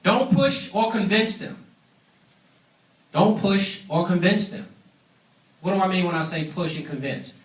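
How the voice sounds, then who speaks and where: Emphatic high-voiced man in echoey room. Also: unhurried, long pauses. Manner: emphatic, preachy, calls for audience responses. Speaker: business trainer. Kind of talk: seminar training talk. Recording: echoey room, mic at a distance.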